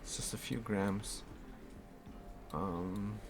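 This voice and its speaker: A man's voice: on the low side, steady tone, very slow, noisy background. A man from Germany casually commenting on his game while answering chat in a laid-back way. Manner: laid-back, reads chat aloud, chuckles often. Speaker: streamer.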